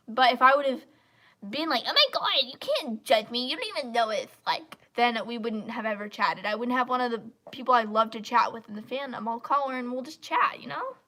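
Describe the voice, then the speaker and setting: A woman's voice: fairly high pitch, bright, forceful tone. A woman hosting a casual live stream, talking in a blunt, opinionated, rambling way. Her throat is stuffed up and congested.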